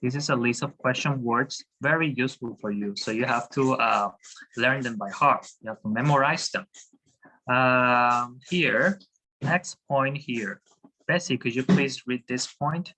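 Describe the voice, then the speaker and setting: Guy teaching over a video call, bright voice, lots of ums and restarts. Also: mid-range voice, a little slow, poor audio. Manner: hesitant, many fillers and restarts. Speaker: Spanish teacher. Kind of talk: online class teaching.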